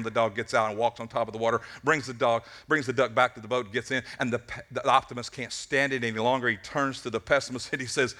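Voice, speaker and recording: A man preaching a sermon at a church service, telling a story in an animated way and often repeating his words as he goes. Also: medium pitch, fast talker, few pauses. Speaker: pastor.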